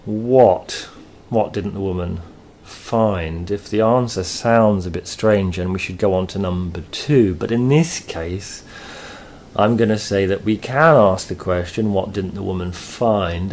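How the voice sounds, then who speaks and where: A man teaching a grammar lesson, explaining slowly and patiently with thoughtful pauses. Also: on the low side, darkish tone, slight background noise.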